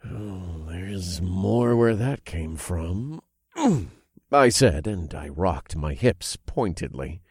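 A man narrating an adult audiobook in the first person, with an expressive reading that builds in intensity. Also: sits low, drawn-out words, slightly rough, no echo, studio quality.

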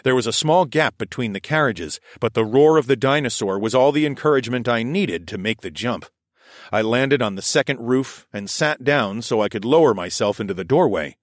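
A man reading a first-person adventure story aloud in a steady, even narrating manner. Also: medium pitch, normal speed, dry recording, studio quality. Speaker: audiobook narrator.

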